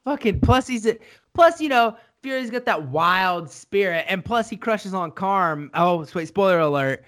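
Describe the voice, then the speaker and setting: Excitable, cussing man in casual chat. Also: high-pitched, a little slow. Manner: profane, rambling, excitable. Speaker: podcast co-host.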